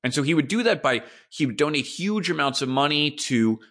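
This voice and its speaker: A man's voice: fairly high pitch, animated, fairly quick, fairly bright tone. A man hosting a podcast, telling a story in a casual, speculative monologue. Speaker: podcast host.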